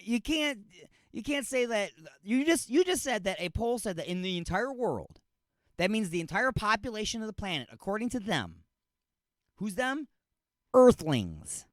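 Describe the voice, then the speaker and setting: A male radio host with a high voice that swings all over the place as he rants through a comedic monologue. He keeps throwing rhetorical questions at the listener and trips over his own restarts. The voice sounds dry and close, with faint music under it. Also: sing-song, normal speed, fairly bright tone, no room sound. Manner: restarts and repeats himself.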